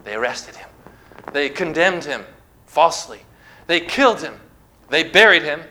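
A man's voice: fairly high pitch, sing-song, unhurried, sharp tone. A man preaching a sermon, reading scripture aloud and delivering it emphatically.

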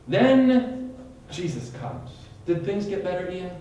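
Animated man teaching in an echoey room. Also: high-pitched, slow pace, recorded from a distance, lo-fi sound. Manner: animated, quizzes listeners by name, dramatic retelling. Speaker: Bible study leader. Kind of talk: teaching sermon with questions to a group.

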